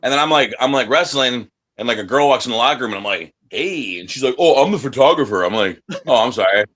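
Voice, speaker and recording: A man's voice: mid-range voice, expressive, fast, fairly bright tone. Brash, profane male wrestler. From United States. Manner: profane, brash and boastful, acts out voices in his stories. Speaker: independent wrestler, guest. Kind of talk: casual interview talk.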